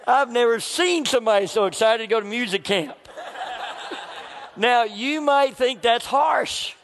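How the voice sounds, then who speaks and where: A man's voice: high-pitched, moderate pace, a bit bright, big-room sound. A middle-aged man, a pastor, preaching a sermon and telling a family story, acting out the dialogue.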